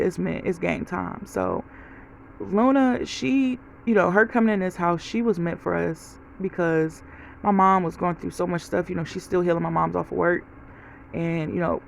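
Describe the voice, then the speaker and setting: A woman's voice: on the low side, creaky, a little hiss or hum, rough recording. A woman vlogger giving a casual life update, telling stories straight to her viewers. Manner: chatty storytelling, talks straight to viewers.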